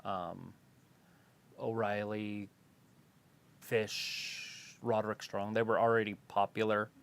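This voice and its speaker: A man's voice: fairly low pitch, level tone, takes it slowly, gravelly, smooth. A man co-hosting a casual wrestling watch-along, giving plain-spoken, opinionated takes in a matter-of-fact way. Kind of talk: casual chat, wrestling commentary.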